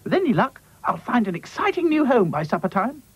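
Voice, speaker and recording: A man voicing Dotty, an energetic, bossy female rag doll who jogs, speaking in a brisk, encouraging way. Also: extremely high pitch, husky, highs cut off, voice pushed up, heavily acted.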